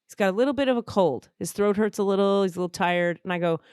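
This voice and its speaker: A woman's voice: medium pitch, quick pace, darkish tone, clean tone, no echo, clean studio sound. A woman hosting a podcast who tells a personal story frankly and expressively and swears freely. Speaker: podcast host.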